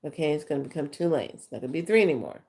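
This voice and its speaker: A woman's voice: sits low, lively intonation, racing, darkish tone. A middle-aged woman, a spiritual teacher, telling rambling, chatty stories to her followers with fillers and acted-out quotes. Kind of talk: casual storytelling to followers.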